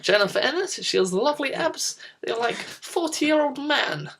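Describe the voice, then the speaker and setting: A woman's voice: sits high, lively intonation, normal speed, creaky, a bit bright, a little hiss or hum. A young woman in her teens hosting a spoof news show, goofy and rambling, breaking into giggles. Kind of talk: mock news presenting.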